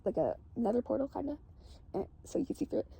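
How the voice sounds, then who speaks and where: A woman's voice: high voice, big pitch swings, fast, vocal fry, mellow. A woman casually recounting a dream, rambling and saying "like" constantly.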